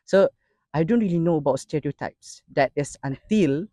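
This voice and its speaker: A man's voice: fairly high pitch, expressive, moderate pace, dark tone, no room sound, studio quality. A young man from Pahang, a student guest in a casual chat, earnest and a little hesitant. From Pahang, Malaysia. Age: young adult.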